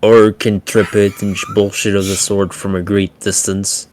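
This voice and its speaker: A man playing a tabletop game, talking casually with many halting restarts and some swearing. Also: lowish voice, flat delivery, darkish tone, a little hiss or hum. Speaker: player.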